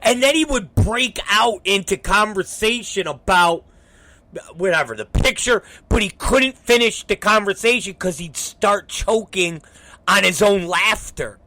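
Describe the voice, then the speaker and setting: A man hosting a talk show, telling a story in a casual, profane, animated way. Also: sits high, unhurried. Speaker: show host.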